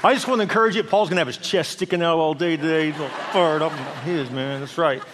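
A man who is a senior pastor, preaching a sermon in a church with animated delivery, acting out people's inner voices. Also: a little high, fast, crowd noise, noisy background. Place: large church hall. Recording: long hall reverb.

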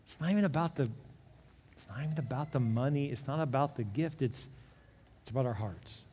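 A man preaching as a pastor, leading an altar call and prayer, swinging from emphatic peaks down to hushed, quiet pleading. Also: mid-range voice, animated, fairly quick, slight background noise. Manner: impassioned, rises to emphatic peaks then drops to hushed prayer. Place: large church sanctuary. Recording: long reverb of a big hall, faint ambience.

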